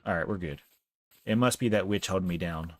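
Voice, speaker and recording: A man's voice: low-pitched, a little fast. A young man live-streaming a game, chatting casually, laughing often and talking to the characters on screen.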